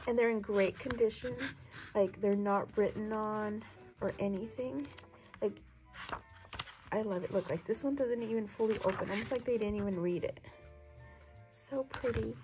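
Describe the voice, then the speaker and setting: A woman with a hoarse voice from a lingering cough, gushing chattily over her thrift haul in a casual vlog. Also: on the high side, normal speed, over music, poor audio. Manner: gushing, chatty, lots of "so pretty".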